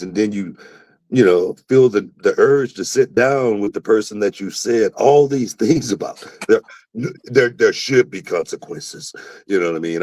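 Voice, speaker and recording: A man hosting a talk show, telling a story in a casual, animated way and acting out the quotes with sudden jumps in pitch. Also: no room sound, poor audio. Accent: Southern US. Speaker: podcast host, former wrestler.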